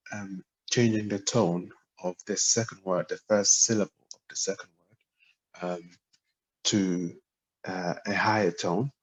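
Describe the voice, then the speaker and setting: Male language tutor, husky low voice, patient and halting, recorded without a proper mic. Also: low-quality recording. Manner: hesitant, lots of ums, spells out syllables and tones. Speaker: language teacher. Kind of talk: relaxed explanatory lesson.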